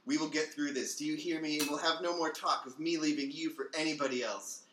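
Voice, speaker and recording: A man's voice: fairly high pitch, steady tone, fairly quick, echoey room, distant mic, noisy background, natural voice. A man reading the lines of a loving, reassuring young husband in a fan story. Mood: tender.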